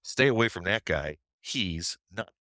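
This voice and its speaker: A knowing regular from the trading room mutters blunt warnings, as a man voices him. The voice is low and forceful and sits close and dry. He sounds like he has seen it all before. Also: animated, a little slow, no echo, full character voice. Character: wary male regular trader, knowing and blunt.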